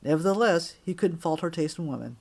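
A man's voice: fairly high pitch, fairly quick, slightly rough. Man narrating a wry audiobook. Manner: wry, expressive storytelling.

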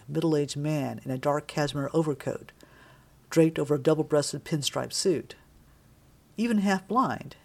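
A woman reading a novel aloud in measured, wry scripted narration. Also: sits low, vocal fry, darkish tone. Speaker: audiobook narrator.

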